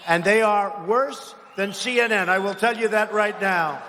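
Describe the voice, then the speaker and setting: A man's voice: high-pitched, moderate pace. Man giving a mocking rally speech. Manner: mocking, repetitive, shouts lines to the crowd. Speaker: political speaker at a rally. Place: large arena. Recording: long arena reverb, faint noise.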